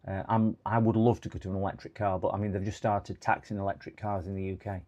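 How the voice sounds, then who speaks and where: A man's voice: sits low, little pitch movement, fast, mellow, highs cut off. A middle-aged man hosting a casual live stream, chatting in a rambling way that often slides into exasperated rants. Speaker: livestream host.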